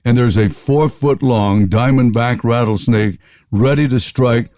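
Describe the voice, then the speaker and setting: Older Southern-raised radio veteran, interview guest, loves jokes and silly voices; dry close mic. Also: male voice, medium pitch, unhurried, darkish tone, dry recording. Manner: jokey, playful voices, laughs often. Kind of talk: storytelling interview.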